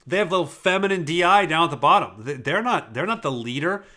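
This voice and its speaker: Rapid, emphatic man commenting on clips. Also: fairly high pitch, lively intonation, bright, forceful tone. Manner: emphatic, profane, rapid explaining. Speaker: personality typing commentator. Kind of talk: casual commentary on video clips.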